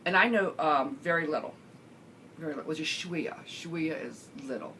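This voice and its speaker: A middle-aged woman vlogger chatting casually as she answers viewer questions, rambling with lots of fillers and the odd throat-clear. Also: low-pitched, moderate pace, fairly bright tone, a little hiss or hum. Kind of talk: casual chat.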